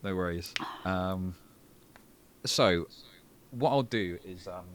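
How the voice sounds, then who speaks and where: A man's voice: sits low, slight background noise. A man moderating a call debate, polite and full of ums. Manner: polite, filler-heavy, quick. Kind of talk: hosting a call.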